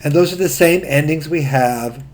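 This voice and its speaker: A man's voice: on the high side, moderate pace. A man giving a recorded grammar lesson, patiently spelling out word forms one at a time. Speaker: Greek instructor.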